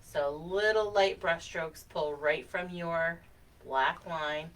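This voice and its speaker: Soft-spoken woman teaching painting. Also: on the low side, slow pace. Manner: gentle step-by-step instruction, laughs easily. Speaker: painting instructor. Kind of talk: live online painting lesson. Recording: distant mic with faint background noise.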